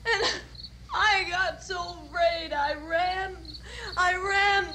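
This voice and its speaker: An actress playing a terrified young woman in shock, with halting, dazed speech that breaks into sobbing. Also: very high voice, noisy background. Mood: hysterical. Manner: halting, dazed recollection rising to sobbing screams.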